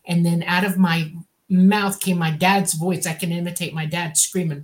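A woman's voice: on the low side, fairly even intonation, normal speed. A woman co-hosting a talk show, telling a dramatic story with emphasis. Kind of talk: casual storytelling.

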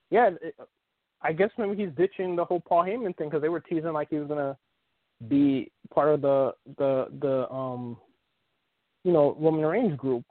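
On a dry, tinny phone call with no echo, a man whose voice sits on the high side hosts a casual sports podcast. His talk rambles, full of fillers and restarts.

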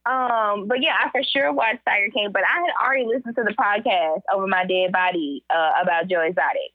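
A woman's voice: medium pitch, fairly quick, no room sound. A woman co-hosting a casual chat with a friend over the phone, speaking bluntly and laughing easily. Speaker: podcast co-host. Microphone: phone call. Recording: muffled phone line.

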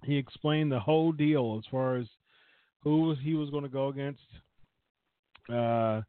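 Man, podcast host, casual rambling chat, mid pitch, phone-like line, dry sound. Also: moderate pace, no room sound. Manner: rambling, many fillers and restarts.

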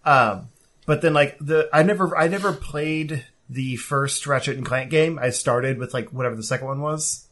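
A man's voice: a little high, moderate pace. A man in casual podcast chat about video games, rambling with many fillers. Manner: rambling, filler-heavy, relaxed. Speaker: podcast co-host.

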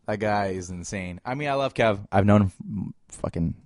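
A man's voice: on the low side, normal speed, darkish tone, no echo, studio quality. A man in his early twenties co-hosting a podcast in loose, profane casual chat, laughing often. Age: 20s. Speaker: podcast co-host. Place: small hot room.

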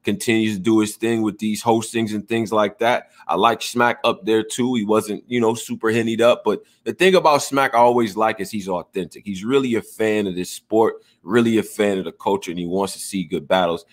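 A man's voice: fairly low pitch, fairly even intonation, fairly quick, few pauses. A middle-aged man hosting a casual streamed chat, talking in loose slangy banter. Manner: loose slangy banter, frequent "you know what I mean". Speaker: stream host.

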